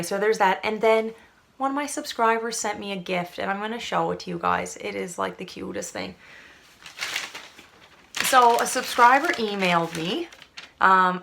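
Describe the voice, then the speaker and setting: Chatty young woman, gravelly. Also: medium pitch, a bit bright. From Canada. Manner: chatty, rambling with fillers. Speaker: vlogger. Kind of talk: casual chat to camera.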